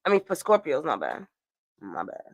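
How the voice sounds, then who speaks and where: A woman's voice: low-pitched, wildly swooping pitch, moderate pace, dry recording. Young woman w/ doing a loose tarot reading, chatty, cusses a lot, dry close mic. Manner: chatty, swearing, laughing asides. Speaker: tarot reader. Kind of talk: casual astrology and tarot reading.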